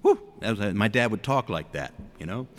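Male preacher giving a sermon, expressive swooping delivery, asks the congregation questions, big reverberant room. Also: on the low side, normal speed. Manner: animated, with rhetorical questions to the congregation.

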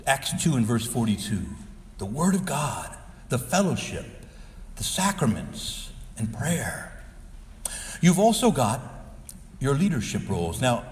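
A man's voice: medium pitch, big-room sound. A male Catholic priest preaching a sermon, earnest and exhorting, sometimes pleading with his listeners.

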